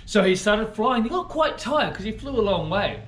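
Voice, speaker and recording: A man reading a story to children, swinging between loud and hushed lines. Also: high-pitched, sing-song, normal speed. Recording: echoey room.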